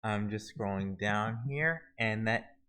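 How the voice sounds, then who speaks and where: A man walking viewers through a website search tool in a halting, casual screen-recorded tutorial, often restarting his sentences. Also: lowish voice, bright, forceful tone, clean tone, poor audio. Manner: halting, many restarts and fillers. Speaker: video tutorial host.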